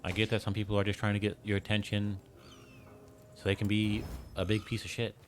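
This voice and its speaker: A man's voice: lowish voice, completely flat delivery, a little fast, soft background music. A man streaming a game, rambling casually with lots of filler words and frequent chuckles. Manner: rambling, heavy use of "like", chuckles often.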